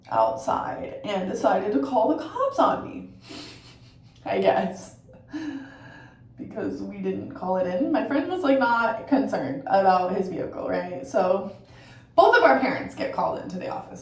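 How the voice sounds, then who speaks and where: A woman's voice: fairly high pitch, a little mellow. A woman from Colorado telling a story in a chatty, profane way while doing her makeup at home, often ending sentences with "right?". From Colorado, USA. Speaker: vlogger. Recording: very echoey room, voice from far off.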